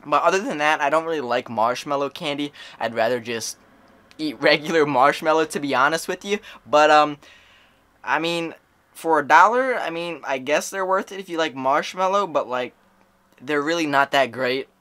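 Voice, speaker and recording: A man's voice: a little high, normal speed, bright, forceful tone. A young man vlogging a candy taste test, dramatic and rambling, full of "like" and "you know". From Maryland, USA. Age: young adult. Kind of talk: casual vlog taste test.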